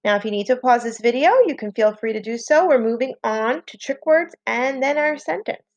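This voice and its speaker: A woman teacher leads a slow, patient spelling lesson for children, sounding out letters one at a time. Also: a little high, no room sound, lo-fi sound. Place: home, online lesson.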